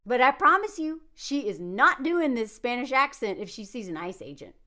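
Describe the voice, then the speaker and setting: A woman from the United States giving casual, animated commentary, sarcastic and laughing often. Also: high voice, normal speed. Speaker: commentary vlogger.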